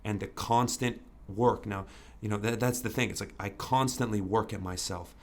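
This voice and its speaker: A man's voice: on the low side, steady tone, moderate pace. A man as a podcast guest, talking candidly and earnestly, repeating himself with many "you know"s and casual swearing. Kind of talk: candid interview conversation.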